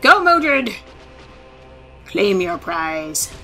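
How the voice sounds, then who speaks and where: A woman hosting a let's play, excitable and swearing, often laughing as she plays. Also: mid-range voice, very slow, faint music behind. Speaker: gaming let's-play host. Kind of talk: casual game commentary.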